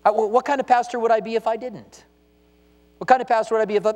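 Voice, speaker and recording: Male pastor, animated sermon delivery, high lively pitch, reverberant church hall. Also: fast. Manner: animated preaching, acting out quoted voices with big pitch swings.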